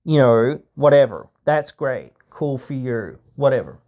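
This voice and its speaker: A man's voice: mid-range voice, lively intonation, a little slow, dark tone. An Australian man hosting a podcast, chatting casually and rambling with many fillers. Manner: rambling, heavy fillers, mock voices for stereotypes. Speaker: podcast host. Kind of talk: casual chat.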